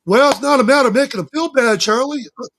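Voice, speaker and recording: A man's voice: very high voice, quick pace, a bit bright, slight background noise. A man talking as a guest on a talk show, telling stories in a folksy, emphatic way with religious turns of phrase. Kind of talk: casual talk-show interview.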